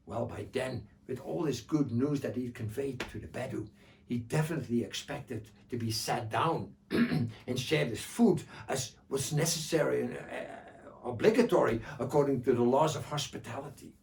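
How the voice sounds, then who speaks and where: A man performing traditional folk tales as a storyteller, rhythmic and repetitive, often clearing his throat. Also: mid-range voice, normal speed, darkish tone. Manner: rhythmic, repeating phrases, frequent throat-clearing. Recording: distant mic.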